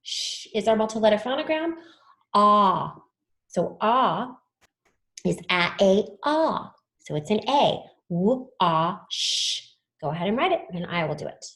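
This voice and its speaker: A woman leads a children's spelling lesson at an unhurried pace. Her pitch swings lively up and down as she patiently sounds out each letter. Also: roomy sound. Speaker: teacher.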